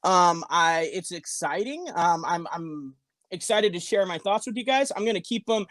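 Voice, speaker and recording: A man's voice: high voice, normal speed, fairly bright tone, no room sound. A man presenting his regular segment on a podcast, casual and a little hesitant. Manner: hesitant, uses fillers, friendly. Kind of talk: casual chat.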